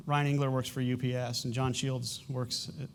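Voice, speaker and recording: A middle-aged man, a pastor, speaking candidly to his congregation in a church, halting and emotional, with frequent restarts. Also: mid-range voice, level tone, smooth. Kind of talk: sermon announcements and personal testimony. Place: church sanctuary.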